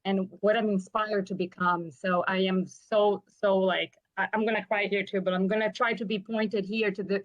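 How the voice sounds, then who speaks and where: Woman from São Paulo, eager audience questioner, gushing and emotional, mid-pitched voice. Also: little pitch movement, moderate pace, hardly any pauses, dull audio. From São Paulo, Brazil. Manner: warm, gushing, emotional, talks in a rush. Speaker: audience member asking a question. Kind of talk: live Q&A question.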